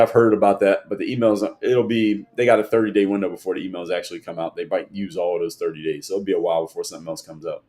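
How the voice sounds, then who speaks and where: Male streamer, lower-pitched, lecturing commentary answering viewers. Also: a little mellow. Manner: argumentative, lectures and rebuts chat comments. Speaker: livestream host. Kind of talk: political commentary livestream, reading chat.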